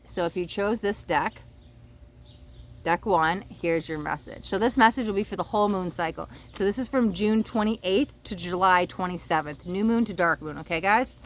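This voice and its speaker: A woman's voice: fairly low pitch, a bit bright, slight background noise. Chatty woman doing a card reading outdoors. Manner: chatty and rambling, often checking in with the viewer. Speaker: oracle card reader. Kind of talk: casual card reading to camera. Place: outdoors by the water.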